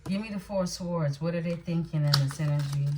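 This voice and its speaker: A woman's voice: sits low, fairly quick, background noise. A woman doing a tarot card reading, blunt and emphatic, often checking in with her listeners as she goes. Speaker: tarot reader.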